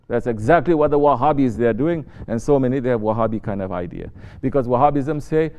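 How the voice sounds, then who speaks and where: A sheikh giving a sermon, mostly soft-spoken and rising to sharp emphasis when he scolds. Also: mid-range voice, lively intonation, fast talker, hardly any pauses, clean tone. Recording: dull lo-fi recording with faint noise.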